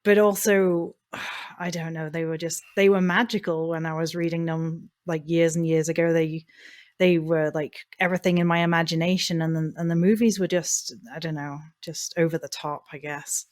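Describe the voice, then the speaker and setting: A woman's voice: low voice, level tone, normal speed, a little mellow, no echo, clean studio sound. A woman guesting on a podcast, chatting casually in a hesitant way, often trailing off. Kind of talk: casual chat.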